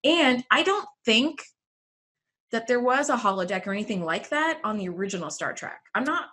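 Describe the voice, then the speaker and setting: A young adult woman co-hosting a podcast in casual chat, animated and exclamatory, with lots of "like.". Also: a little high, normal speed. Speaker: podcast co-host.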